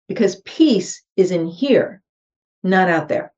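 Guesting on a podcast, a middle-aged real estate investor earnestly shares a personal story, voicing her own thoughts in quotes. She speaks slowly and animatedly in a lowish, darkish voice, captured in slightly dull, muffled audio.

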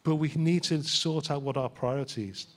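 A man's voice: on the high side, moderate pace. A man, a pastor, preaching a sermon in a church in a conversational way and asking his listeners rhetorical questions.

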